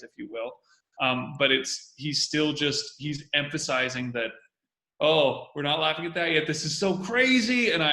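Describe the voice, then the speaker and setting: Male host, energetic, bright edge, echoey room, repeats himself to drive points home. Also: mid-range voice. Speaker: host analyzing comedy. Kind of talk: casual video commentary.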